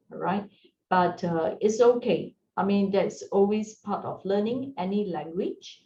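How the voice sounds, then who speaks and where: A woman teaching a beginners' Mandarin lesson, gentle and encouraging, often checking in with her learners. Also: mid-range voice. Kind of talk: slow, patient language lesson. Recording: roomy, distant, dull sound with faint hiss.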